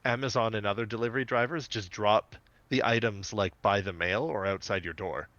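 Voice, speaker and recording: A man's voice: on the low side, fairly quick, dry recording, dull audio. A man co-hosting a podcast, chatting casually and laughing as he recaps a cartoon episode. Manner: animated, laughing storyteller. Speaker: podcast co-host.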